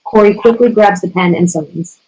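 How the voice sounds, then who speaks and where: A woman's voice: mid-range voice, husky, dull audio. Woman reading stage directions. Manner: steady, measured reading of scene directions. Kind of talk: screenplay table reading.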